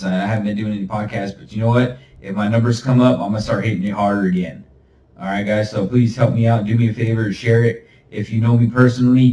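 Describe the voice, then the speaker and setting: A man's voice: on the low side, warm tone, a little hiss or hum. A man hosting a solo podcast monologue. He talks in a rambling, emphatic, preachy way and chuckles now and then. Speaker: podcast host. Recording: roomy, far from the mic.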